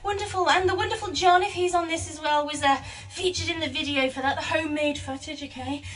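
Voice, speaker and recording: A woman's voice: high-pitched, fairly even intonation, fast, fairly bright tone, far from the mic. A woman in her thirties, a singer hosting her own live stream, chatting casually and greeting viewers by name as she reads their comments. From England. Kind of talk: casual chat to online viewers.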